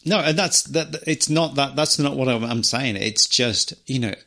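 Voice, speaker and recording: A middle-aged English man co-hosting a podcast, talking casually in halting, restarting sentences. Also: medium pitch, creaky, pushed and bright. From England. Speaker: podcast co-host. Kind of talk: casual chat.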